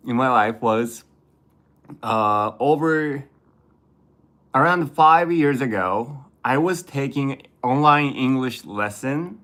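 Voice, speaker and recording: Male host, unhurried halting delivery, everyday conversational tone. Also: medium pitch, a bit bright. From Japan. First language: Japanese. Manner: halting, searching for words, frequent restarts. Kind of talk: casual conversation in English.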